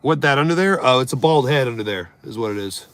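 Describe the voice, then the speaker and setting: A man's voice: mid-range voice, lively intonation, fast talker, no room sound. Give me a joking man hosting a casual live stream, bantering with his viewers. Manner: joking, talks back to viewer chat, swings between loud and mumbled.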